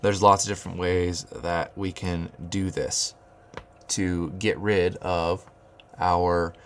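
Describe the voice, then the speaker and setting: A man's voice: low-pitched, flat delivery, slow, a little hiss or hum. A man teaching rhythm at a whiteboard, thinking aloud with fillers and restarts and chanting rhythm syllables. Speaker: music teacher.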